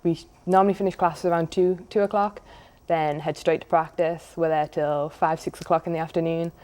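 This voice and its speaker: Low-voiced young Englishwoman, interview guest. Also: level tone, moderate pace, a little mellow. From England. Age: young adult. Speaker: college golfer, guest.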